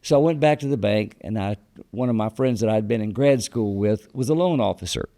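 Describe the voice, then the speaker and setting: A man's voice: lowish voice, expressive, brisk, dark tone. A man, a guest in an interview, telling long anecdotes and quoting what others said, with fillers and restarts. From Texas. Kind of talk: storytelling interview.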